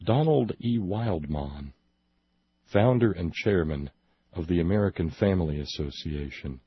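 A man hosting a political talk show, sarcastic and emphatic, slowing down to stress his points. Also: low voice, animated, slightly rough, dry recording, highs cut off. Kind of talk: opinionated political commentary.

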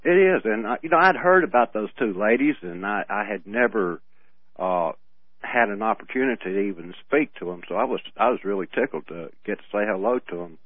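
A man co-hosting a radio show in casual chat, telling rambling stories with halting restarts and frequent laughs. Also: on the low side, animated, no room sound. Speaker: radio co-host. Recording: tinny phone-like radio audio.

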